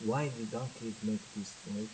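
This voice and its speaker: A man's voice: on the low side, fairly even intonation, moderate pace, background noise. A man teaching a sermon, moving between languages and asking his listeners questions. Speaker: religious teacher. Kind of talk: sermon with translation.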